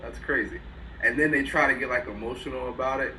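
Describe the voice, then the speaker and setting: A man's voice: medium pitch, steady tone, fast, sharp tone, a little hiss or hum, rough recording. A man co-hosting a sports talk show in casual chat, blunt and profane, laughing as he makes his points. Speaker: podcast co-host.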